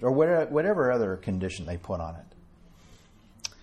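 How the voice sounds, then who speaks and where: A man preaching an earnest sermon to a small congregation, quoting scripture and slowing down to stress key words. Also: medium pitch, very animated, darkish tone, slightly rough. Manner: quotes King James scripture with a chuckle between.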